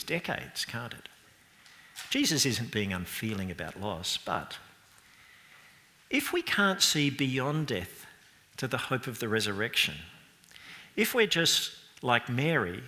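A man preaching a sermon as pastor, chatty and lively, asking the congregation questions and speaking with a British accent. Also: medium pitch. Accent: British English. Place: church hall. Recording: long reverb from a church hall.

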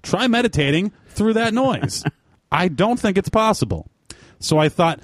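A man's voice: high-pitched, big pitch swings, a little slow, dry recording, studio quality. A man telling a rambling, profane story in casual podcast chat, mocking himself.

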